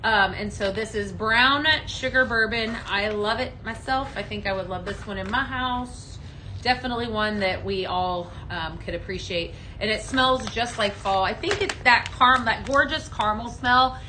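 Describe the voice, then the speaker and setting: A woman's voice: medium pitch, normal speed, pushed and bright, a little hiss or hum, low-quality recording. A woman hosting a live home fragrance show on a studio set, chatting in an upbeat way while she demos products and reads out viewer comments. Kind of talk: live on-air product demo chat. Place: studio set under hot lights.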